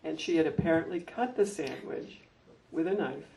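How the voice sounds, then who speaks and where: Gravelly older man telling stories from afar. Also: on the high side, moderate pace. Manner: heartfelt storytelling, animated when telling anecdotes. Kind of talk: reminiscing talk at a public event. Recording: distant mic with faint room noise.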